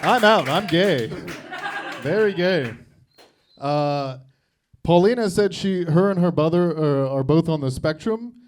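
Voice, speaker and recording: A man trading insult jokes in a roast battle, deadpan with wry asides. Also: on the high side, a little slow. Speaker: roast comedian.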